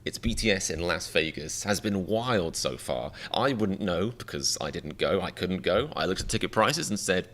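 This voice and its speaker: A man streaming live reactions, rambling and self-mocking with quick jokes. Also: low-pitched, animated, fairly bright tone.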